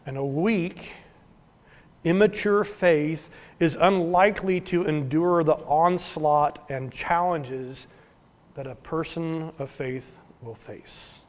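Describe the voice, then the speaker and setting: A man preaching a sermon as pastor, earnest, swinging from emphatic to hushed. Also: fairly high pitch, slow pace. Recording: long hall reverb.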